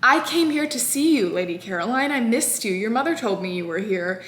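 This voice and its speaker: A woman's voice: on the high side, expressive, a little fast, a bit bright. A woman imitating a charming man eagerly calling on a noblewoman. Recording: echoey room.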